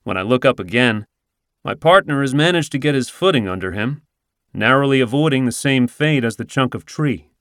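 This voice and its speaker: A man reading a first-person story in a wry, even manner. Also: medium pitch, normal speed, no echo, studio quality. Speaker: narrator. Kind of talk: scripted first-person narration.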